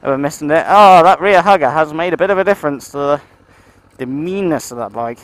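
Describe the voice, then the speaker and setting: A man's voice: on the high side, a little fast, rough recording. A man vlogging from his motorcycle, rambling and swearing as he rides through town. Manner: rambling, sweary, talks to himself and his bike. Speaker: motovlogger. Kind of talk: casual motovlog chat while riding.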